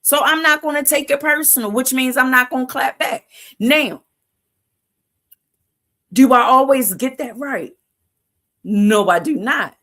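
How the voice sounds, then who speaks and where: A woman's voice: sits high, unhurried, long pauses, fairly bright tone. A woman hosting a livestream who gives a motivational talk in casual vernacular, asking "Why?" before each answer. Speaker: livestream host.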